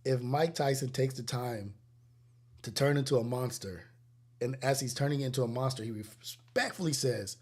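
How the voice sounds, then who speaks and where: A man's voice: mid-range voice, normal speed, husky. A man in his forties with a Los Angeles accent, hosting a casual livestream chat and telling stories with frequent laughter. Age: 40s. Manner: laughs often, animated storytelling. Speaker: livestream host.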